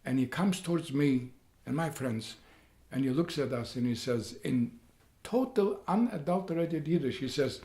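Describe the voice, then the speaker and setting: An elderly man in his eighties from Poland, speaking, tells his own story in a halting way, repeating words and growing loud as he relives events. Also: medium pitch, animated. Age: 80s. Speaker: interviewee. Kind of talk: personal storytelling. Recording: roomy echo.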